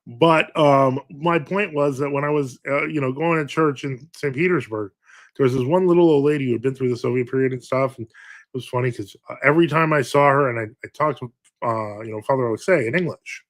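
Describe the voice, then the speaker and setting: A man's voice: mid-range voice, brisk. A man, a priest hosting a livestream, chatting casually and reading viewer comments aloud, with many fillers and wry, self-mocking humor.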